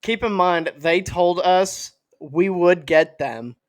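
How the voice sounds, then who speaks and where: A man's voice: high voice, takes it slowly, no echo. A young man co-hosting a podcast in casual chat, laughing along and telling playful stories. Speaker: podcast co-host.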